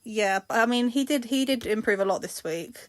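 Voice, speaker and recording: A woman's voice: a little high, animated, fairly quick, a little hiss or hum. A woman co-hosting a casual chat, recounting things with frequent restarts and hesitations.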